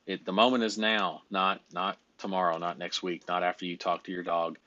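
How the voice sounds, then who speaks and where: A man's voice: low-pitched, level tone, a little fast, bright, forceful tone, muffled recording, a little hiss or hum. A man coaching a trainee in sales over a call, blunt and emphatic, rambling through his points.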